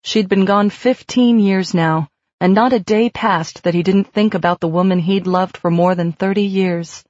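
A woman narrating a novel in an audiobook, in a measured, even storytelling manner. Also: mid-range voice, no echo. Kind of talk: scripted narration. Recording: dry, slightly muffled lo-fi recording.

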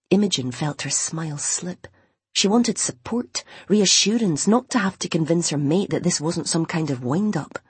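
A woman reading a novel aloud in an expressive way, voicing its characters. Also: fairly low pitch, normal speed, slightly rough, no room sound. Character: Imogen, determined young blind woman wanting a baby. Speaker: audiobook narrator. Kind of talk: scripted novel narration with character voices.

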